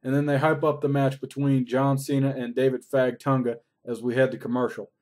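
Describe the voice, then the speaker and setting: A man's voice: medium pitch, little pitch movement, a little fast, a little mellow. Man giving a profane, rambling recap. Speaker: wrestling show reviewer. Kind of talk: casual recap vlog.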